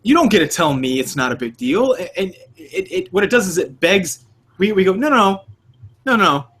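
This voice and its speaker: A man's voice: sits high, moderate pace, slightly rough. A man co-hosting a podcast in casual chat, swearing freely and acting out the voices he quotes. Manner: animated, profane, acts out quoted voices. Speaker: podcast co-host.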